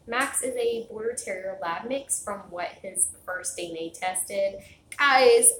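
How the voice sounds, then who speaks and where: A woman's voice: medium pitch, fairly bright tone. Woman, rambling casual vlog chat, lots of ums, echoey home room, faint hum behind. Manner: rambling, many fillers and restarts. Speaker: vlogger. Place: home, indoors. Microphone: phone camera.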